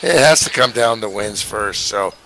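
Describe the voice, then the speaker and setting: A man with a bright, forceful, somewhat low voice co-hosts a live racing broadcast. He rambles casually through his point, with faint ambience behind him. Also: expressive, moderate pace, creaky, slight background noise. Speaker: co-host.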